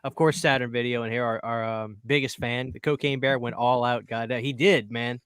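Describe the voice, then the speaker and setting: A man's voice: mid-range voice, fairly even intonation, normal speed, fairly bright tone, smooth, no room sound, clean studio sound. A man hosting a casual livestream, upbeat and reading out chat names. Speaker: livestream host.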